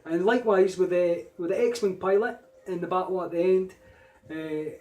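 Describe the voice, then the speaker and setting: A man's voice: high voice, steady tone, normal speed, darkish tone, low-quality recording. A man with a Scottish accent talking casually in a rambling solo vlog, full of fillers and restarts. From Scotland. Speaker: vlogger.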